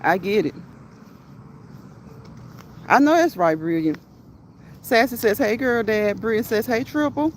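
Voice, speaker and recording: A woman's voice: on the high side, a little hiss or hum. A woman hosting a casual livestream, reading chat messages aloud, laughing often and talking back to her viewers. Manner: quick, lively chatter.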